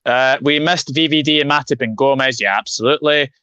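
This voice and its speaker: A man's voice: medium pitch, brisk, pushed and bright, clear, resonant tone, no room sound. A man hosting a live football preview, joking and reading out viewer comments. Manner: jokey, reads out live comments. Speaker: podcast host. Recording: dry, dull lo-fi mic.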